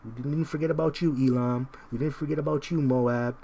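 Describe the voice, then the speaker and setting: Guy preaching scripture, middle pitch, emphatic and repetitive, says man a lot. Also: fairly even intonation, warm tone, a little hiss or hum. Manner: slows down to read verses aloud.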